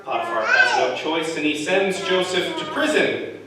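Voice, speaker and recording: High-voiced man telling a sermon story. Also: wildly swooping pitch, bright, forceful tone. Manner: casual, joking storytelling with quick voiced asides. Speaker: pastor. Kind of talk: sermon retelling a Bible story. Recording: echoey room, far from the mic, noisy.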